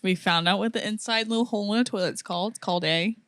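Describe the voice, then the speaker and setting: A young American woman co-hosting a podcast in a relaxed, giggly way, winding through anecdotes at an easy mid-range pitch. She sounds close to the mic in a dry room with no echo. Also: fast talker. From United States. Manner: giggly, chatty storyteller. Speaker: podcast co-host. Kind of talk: casual chat.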